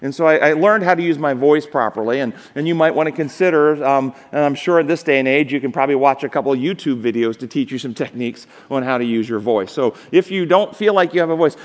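A seminar instructor with a mid-range voice gives a live lecture on public speaking in a large, reverberant seminar hall. He talks fast with few pauses, speaks emphatically, and asks the audience rhetorical questions.

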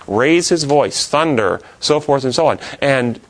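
A man's voice: medium pitch, expressive, unhurried. Man teaching a Bible class. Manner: asks the class questions, then answers them.

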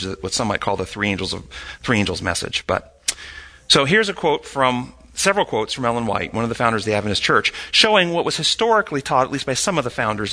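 Emphatic, lively male Bible teacher. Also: medium pitch. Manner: reads quotes aloud then questions listeners; emphatic, rising sharply when arguing. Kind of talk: sermon-style Bible lesson.

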